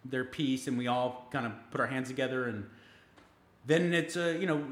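A man co-hosting a comedy podcast, telling a rambling, excitable story with plenty of swearing. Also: medium pitch, normal speed, reverberant. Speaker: podcast co-host. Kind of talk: casual comedic chat.

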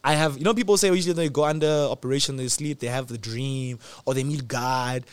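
A man in his twenties telling a personal story in casual chat, animated, acting out quotes with sudden jumps in pitch and loudness. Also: a little fast, clean tone, no room sound. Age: 20s. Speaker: host.

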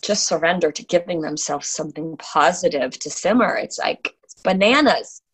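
A woman's voice: on the low side, normal speed, husky, rough recording. A middle-aged woman, an exercise instructor, talking earnestly and encouragingly in casual chat. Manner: earnest, encouraging, repeats words. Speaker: fitness instructor.

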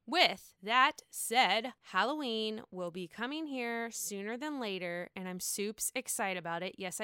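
A woman's voice: fairly high pitch, bright, forceful tone, clear, resonant tone, no echo, studio quality. A woman hosting a podcast in casual reality-TV gossip chat, sassy and profane, always calling the listener honey. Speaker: podcast host.

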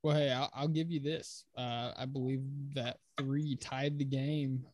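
A man co-hosting a casual sports podcast, leading the talk in a relaxed conversational way and reciting game stats. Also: mid-range voice, unhurried, no room sound. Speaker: podcast co-host.

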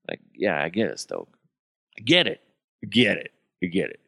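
A man riffs through a profane comedic monologue, mocking coworkers one by one. His lowish voice swings widely in pitch, and the sound is close and dry. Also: huge pitch swings, moderate pace, gravelly, pauses often, sharp tone, no echo. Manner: mocking, profane, breaks into impressions. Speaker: podcast host.

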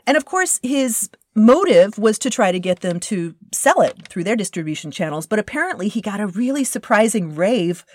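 A woman's voice: medium pitch, very animated, moderate pace, hardly any pauses. A woman host telling a story in a casual, enthusiastic way, often restarting and searching for words. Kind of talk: casual narration about a craft distiller.

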